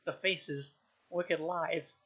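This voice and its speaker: A woman's voice: sits low, fairly even intonation, extremely slow, fairly bright tone, husky, muffled recording, exaggerated voice. A woman voicing a pompous, unhinged middle-aged duke who speaks in a theatrical, overwrought way. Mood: gloating.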